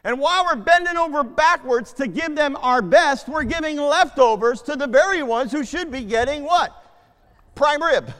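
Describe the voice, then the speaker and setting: A man preaching a sermon to a congregation, swinging between loud declarations and hushed asides and asking his listeners questions. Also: extremely high pitch, animated, moderate pace, in a large hall. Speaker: pastor.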